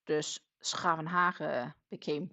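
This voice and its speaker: A woman hosting a crochet livestream, chatting in a relaxed, rambling way while she works. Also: sits low, takes it slowly, lo-fi sound. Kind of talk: casual livestream chat.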